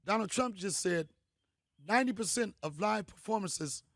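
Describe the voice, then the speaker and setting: A middle-aged man, a comedian host, telling stories in a punchy, animated way. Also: high voice, moderate pace, gravelly, dry recording, clean studio sound. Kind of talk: storytelling monologue.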